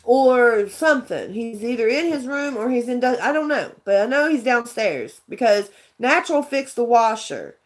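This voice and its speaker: A woman's voice: fairly high pitch, expressive, moderate pace, few pauses. Rambling woman vlogger. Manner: rambling, earnest storytelling with restarts. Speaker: vlogger chatting with viewers. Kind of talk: casual livestream chat.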